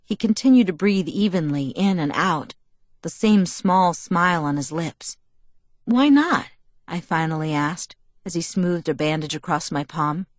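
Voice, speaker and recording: A woman narrating a novel in the first person with a steady, even storytelling delivery. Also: on the low side, normal speed, dry recording. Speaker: audiobook narrator.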